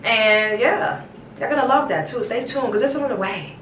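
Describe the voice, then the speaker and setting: Her voice a little high and fairly bright, a young woman chats to camera at normal speed in a small bathroom, affectionately rambling and calling viewers her babies. The recording has a distant mic, echo, and a little hiss or hum.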